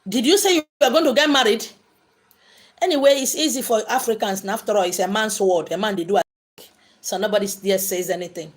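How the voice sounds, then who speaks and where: Broadcasting live from indoors, this woman has a mid-range voice and talks fairly quickly. She fields questions from viewers on her spiritual stream, preaching emphatically and repeating phrases to hammer home what she means.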